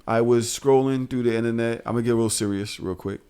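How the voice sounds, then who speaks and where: A man hosting a podcast in casual, profane chat, animated and often laughing. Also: mid-range voice, fairly quick, clear, resonant tone. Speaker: podcast host.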